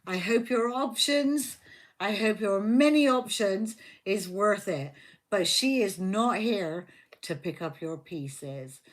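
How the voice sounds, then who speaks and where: A woman's voice: mid-range voice, animated, takes it slowly. A woman giving a live tarot reading, heated and fiercely protective of her viewer, swearing constantly. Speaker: tarot reader.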